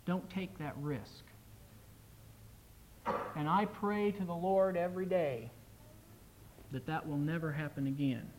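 An earnest male preacher delivers a sermon with emphasis. His voice sits somewhat higher than most men's. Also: measured pace, pauses often, darkish tone, a little hiss or hum, rough recording.

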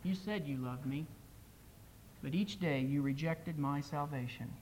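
Soft-spoken sorrowful Jesus, a preacher putting him on, grave and measured, quiet and low for a man, dramatic sermon poem. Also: slight background noise, poor audio. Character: sorrowful, gentle male Jesus judging a soul.

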